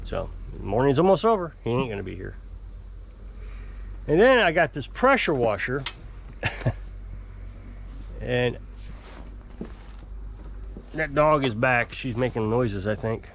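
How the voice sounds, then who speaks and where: A man telling a long, exasperated story to camera in a rambling, casual way. He mimics his customers in high, put-on voices. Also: sing-song, takes it slowly, vocal fry, pauses often, a little hiss or hum. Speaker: off-grid homesteader fixing small engines.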